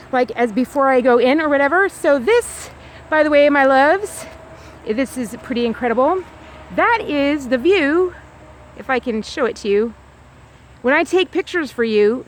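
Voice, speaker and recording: A woman with a high voice talks to her viewers while walking outdoors. Her speech wanders from point to point, stacked with fillers and false starts, and is picked up on a handheld phone. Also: a little hiss or hum. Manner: rambling, loose, full of fillers and restarts. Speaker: vlogger. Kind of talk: rambling walking vlog.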